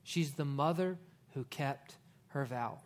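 A man's voice: a little high, slow. A middle-aged male pastor preaching a sermon in a folksy style, telling stories with joking asides.

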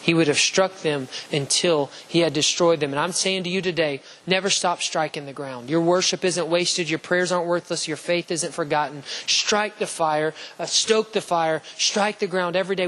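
Impassioned high-voiced male preacher. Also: poor audio. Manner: impassioned, rising to near shouts on key phrases; repetitive rhetorical lists and questions. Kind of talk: sermon.

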